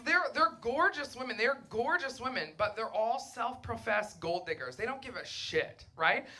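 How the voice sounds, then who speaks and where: A young woman performing a crude, brash stand-up set on a comedy club stage, with deadpan delivery, mocking voices and audience laughter behind her. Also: fairly high pitch, slight background noise.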